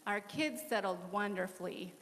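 A woman in her forties giving a candid, animated missionary testimony during a church interview. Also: mid-range voice, moderate pace. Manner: candid, animated storytelling with laughs. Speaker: missionary guest. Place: church worship center. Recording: echoey church hall.

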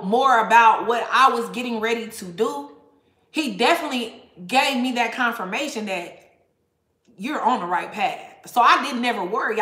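A woman's voice: on the high side, bright, forceful tone, roomy sound. A woman tarot reader talking casually to viewers, blunt and profane, laughing often. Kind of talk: casual tarot reading livestream rant.

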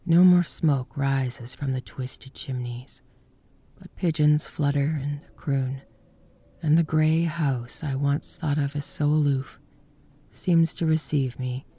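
Slow, husky woman narrator, hushed reading of a ghost story, often whispered. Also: low voice, steady tone.

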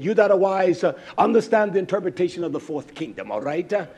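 A man preaching a fiery, scolding sermon that swings from loud outbursts to quiet asides. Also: high voice, animated, quick pace, slightly rough.

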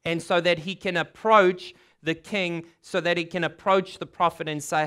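Male pastor, sermon delivery, high bright register, clean resonant tone, casual storytelling that voices the characters. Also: fairly even intonation, normal speed, hardly any pauses, clean tone. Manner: retells the story casually, acting out quoted figures.

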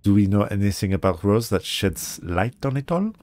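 A man's voice: lowish voice, sing-song, moderate pace, darkish tone. A man voicing an inquisitive woman, with a weak put-on accent.

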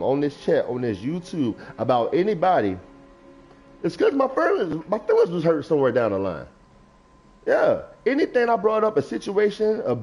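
A young adult man, a gaming streamer, riffs casually and preachily about feelings while reading chat aloud on his livestream. His voice sits on the high side, a little mellow and slightly rough, captured on a lo-fi stream mic.

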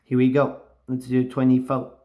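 A man filming himself scratching lottery tickets, bursting into loud repeated exclamations and catchphrases. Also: mid-range voice, completely flat delivery, normal speed, background noise. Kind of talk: live reaction while scratching tickets. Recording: roomy echo.

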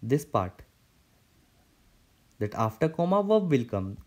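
A man's voice: medium pitch, big pitch swings, slow pace, a little mellow. A man teaching a German grammar lesson, explaining step by step with frequent repetitions and restarts.

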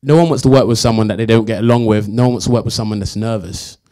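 A young adult man, a guest actor at a Q&A, telling animated stories and acting out quotes with laughs. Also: lowish voice, fast. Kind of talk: anecdotal storytelling at a Q&A.

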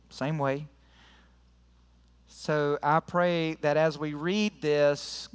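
A man's voice: medium pitch, clean tone, big-room sound. A man preaching a sermon to his church in an earnest, conversational way, leading prayer and scripture reading. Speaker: pastor. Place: church sanctuary.

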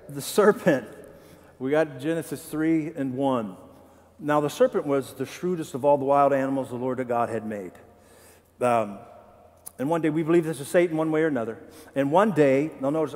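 A man pastor preaching a sermon in a church, animated and joking, asking the congregation questions. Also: a little high, in a large hall. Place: church sanctuary.

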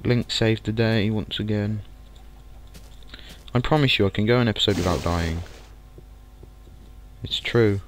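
A man commentating a game let's play, excitable and muttering curses at the game. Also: fairly low pitch, unhurried, long pauses, slight background noise. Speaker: gaming channel host.

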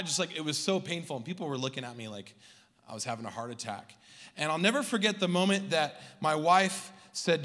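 A young adult man from Southern California preaching a sermon as a pastor, telling a story with animated, emphatic peaks. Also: a little high, brisk. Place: large church hall. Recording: long hall reverb.

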